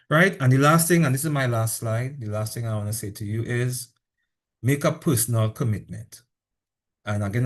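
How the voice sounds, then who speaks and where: Animated Trinidadian male lecturer. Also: medium pitch. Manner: animated, repeats points and asks rhetorical questions. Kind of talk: university lecture.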